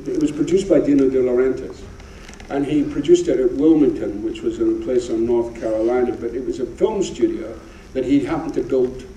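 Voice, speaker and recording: A man's voice: medium pitch, a little fast, mellow, a little hiss or hum. A Scottish man in his seventies, a guest actor telling rambling anecdotes in an on-stage interview. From Scotland. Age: 70s. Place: theatre stage before an audience. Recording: roomy, distant live theatre recording.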